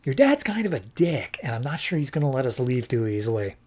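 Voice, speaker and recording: A man voicing a blunt, upbeat superheroine in a casual, lifted-pitch paraphrase. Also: big pitch swings, brisk, a little mellow, a little hiss or hum, close to an everyday voice. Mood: frank.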